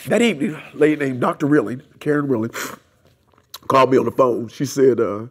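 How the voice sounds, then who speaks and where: Husky man telling his story. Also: mid-range voice, fairly quick. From United States. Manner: storytelling, acts out dialogue and prayers. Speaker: interviewee. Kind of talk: oral history interview. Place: seminary room.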